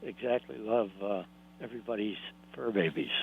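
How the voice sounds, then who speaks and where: A man's voice: on the low side, moderate pace, vocal fry, narrow, tinny audio, a little hiss or hum. Man, polite regular caller, courteous casual chat.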